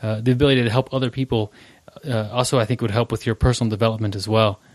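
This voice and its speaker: Casual male podcast host who sums up his guest's points, mid pitch, dry room. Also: level tone, rapid-fire, a little mellow, no echo. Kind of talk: casual interview.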